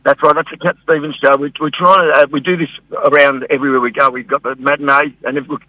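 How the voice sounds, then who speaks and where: A man's voice: a little high, level tone, quick pace, bright, forceful tone, no echo, poor audio. A man with an Australian accent, a guest singer rambling through a radio interview, restarting his sentences often.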